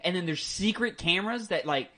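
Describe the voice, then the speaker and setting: On a casual gaming podcast, a young male co-host gets enthusiastic and rambles, dropping plenty of ums and likes. His high, sharp voice is expressive and a little fast.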